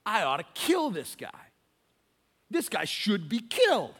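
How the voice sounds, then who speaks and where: A man's voice: high-pitched, wildly swooping pitch, quick pace, pushed and bright, breathy edge, voice pushed up, full character voice. A man voicing an ancient king, a hot-tempered man who rants in indignation. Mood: outraged. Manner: indignant, ranting.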